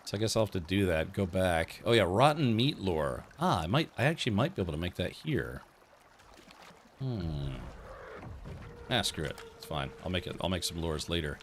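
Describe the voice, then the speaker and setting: A man's voice: low voice, very animated, normal speed, slight background noise. A man hosting a let's play stream, chatty and easily distracted while he plays. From United States. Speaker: streamer host.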